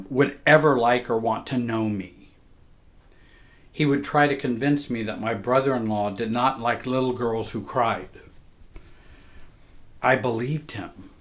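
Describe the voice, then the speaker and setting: A man reads a painful childhood story aloud at a very slow, deliberate pace. His voice is mid-pitched and somber, reflective throughout. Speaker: family therapist and coach. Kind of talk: reading a personal story aloud.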